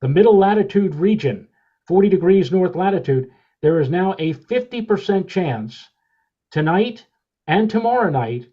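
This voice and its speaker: A man co-hosting a weather podcast, explaining a space image step by step in a measured way. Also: sits high, expressive, highs cut off. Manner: measured, explanatory, with many uh fillers. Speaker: podcast co-host, meteorologist.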